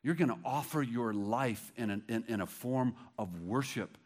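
A preacher in the middle of a sermon, dropping to a near hush for heavy lines and then rising loud and fast. He tells Bible stories by acting out each voice. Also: medium pitch. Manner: dramatic, swings between hushed and loud; acts out quoted dialogue in Bible stories. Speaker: pastor.

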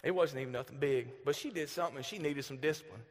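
A man in his thirties with a Southern accent, preaching a storytelling sermon, animated, swinging from loud bursts to hushed asides. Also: mid-range voice, fast talker. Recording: long hall reverb.

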